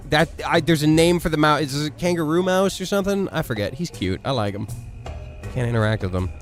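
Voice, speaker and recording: Excitable male game streamer. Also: fairly high pitch, quick pace, soft background music. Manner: excitable, jokey, laughs often. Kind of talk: live game stream commentary.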